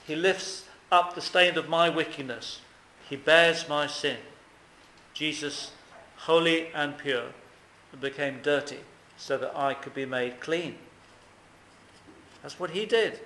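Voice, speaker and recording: Man, earnest sermon, bright voice, echoey church room. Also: fairly high pitch, slow, pauses often. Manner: earnest, questioning, emphatic. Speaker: preacher.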